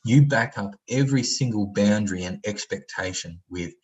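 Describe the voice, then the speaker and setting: A man's voice: on the low side, normal speed, darkish tone, rough recording. A man facilitating an online training workshop, talking casually with lots of fillers and acting out example voices. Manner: conversational, many fillers, acts out example voices.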